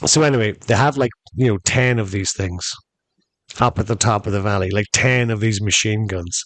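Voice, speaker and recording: A man's voice: on the low side, no room sound, low-quality recording. A man hosting a podcast, telling a long story in a rambling, chatty way and calling his listeners folks. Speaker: podcast host. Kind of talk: casual storytelling monologue.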